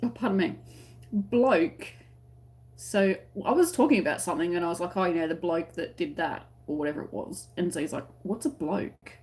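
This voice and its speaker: A woman's voice: fairly low pitch, a little fast, a little mellow. Aussie woman chatting on her crochet livestream, giggly, explaining slang to viewers. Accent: Australian. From Australia. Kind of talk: casual livestream chat reading comments.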